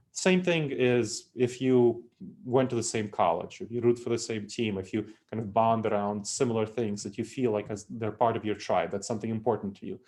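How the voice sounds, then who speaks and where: A man's voice: fairly low pitch, a little mellow. A middle-aged man from Moldova with a Russian accent, giving a training talk to business leaders in a repetitive, emphatic way. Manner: repetitive, emphatic explanatory delivery. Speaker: speaker, trainer.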